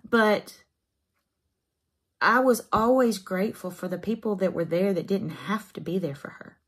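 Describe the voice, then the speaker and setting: A woman's voice: medium pitch, measured pace, slightly rough. A woman, chatting casually to camera as a craft vlogger in her home craft room, folksy and emotional.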